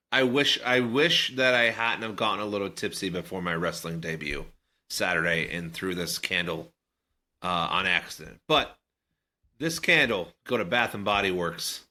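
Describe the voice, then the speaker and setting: A man's voice: lowish voice, measured pace, pauses often, bright, forceful tone. A man co-hosting a podcast, chatting in a rambling, joking way. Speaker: podcast co-host. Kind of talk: casual chat.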